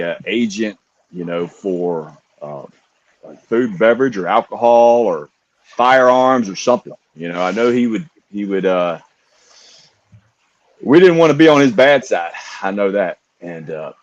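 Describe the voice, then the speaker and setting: A middle-aged man from Virginia with a very deep, low voice, chatting easily as a podcast co-host and coach. He rambles through his story, leaning on "you know" and "man." The sound is dull and lo-fi, like a livestream call. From Virginia, USA. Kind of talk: casual storytelling chat. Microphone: remote livestream call.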